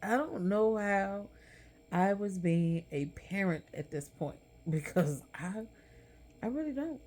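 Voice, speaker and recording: A woman's voice: mid-range voice, animated, takes it slowly, a little mellow. A middle-aged woman, telling a personal story candidly and with emotion, talking straight to her viewers. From Texas. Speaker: vlogger. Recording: light background noise.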